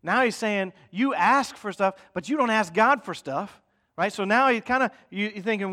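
Man, preacher, high voice, conversational sermon, checks in with listeners, acts out complaints. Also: expressive, a little fast, sharp tone.

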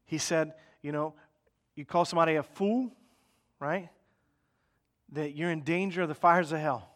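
A man with a high, slightly bright voice preaches in a conversational way, often pausing to check in with his listeners. He slips into mock voices to act out their everyday complaints.

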